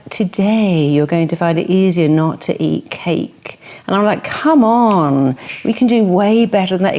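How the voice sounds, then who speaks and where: Middle-aged woman therapist, interview guest; emphatic, slightly low voice, slips into quoted voices. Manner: animated, acts out quoted voices and inner thoughts; emphatic, stresses strong words. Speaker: psychotherapist. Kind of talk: interview conversation.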